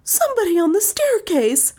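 A woman doing a shrill, frightened young woman. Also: big pitch swings, normal speed, dark tone. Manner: high, wild, trailing into a whisper.

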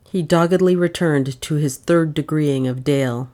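A woman reading a mystery novel aloud in measured, dramatic narration. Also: low-pitched, mellow. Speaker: audiobook narrator.

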